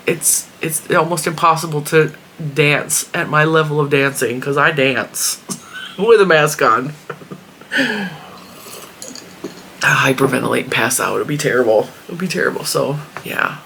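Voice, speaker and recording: Woman, middle-aged, chatty storyteller, bright tone, faint room noise. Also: low voice. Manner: chatty, rambling storytelling with laughs. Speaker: crochet vlogger. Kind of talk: casual chat.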